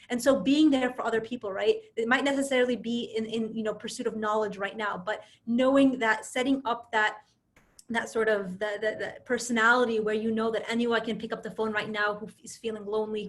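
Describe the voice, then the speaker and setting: Woman speaker, slightly high voice, lively storytelling, video-call audio, frequent restarts. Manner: animated storytelling, frequent restarts and tag questions. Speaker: speaker giving a religious reminder. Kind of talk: casual religious storytelling talk.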